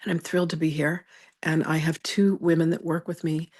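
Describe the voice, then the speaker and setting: A woman's voice: low-pitched, flat delivery, fairly quick, a little mellow. A woman teaching a live online spiritual masterclass, telling chatty stories and greeting attendees by name.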